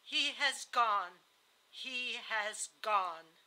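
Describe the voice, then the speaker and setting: A woman voicing a bitter, feverish dying wife who speaks haltingly and cries out in anguish. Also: medium pitch, big pitch swings, sharp tone, exaggerated voice, low-quality recording. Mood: delirious.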